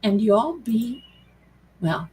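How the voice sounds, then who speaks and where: A woman's voice: a little high, very animated, extremely slow, a little mellow, slight background noise, poor audio. A woman hosting a tarot live stream, chatting casually and affectionately with viewers she calls her darlings. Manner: chatty and rambling, reads out viewer comments.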